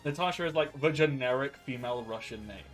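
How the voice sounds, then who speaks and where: A man narrating as game master in a casual tabletop session, with quick offhand asides. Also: medium pitch, music in the background.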